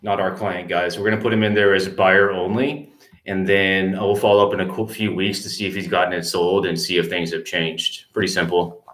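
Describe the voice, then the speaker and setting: Brief: deep-voiced, easygoing male phone prospector, recorded in a roomy, echoey space. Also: little pitch movement, a little fast, fairly bright tone. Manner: polite, easygoing, explains his process. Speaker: real estate appointment setter. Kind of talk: cold-call demo with commentary. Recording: roomy echo.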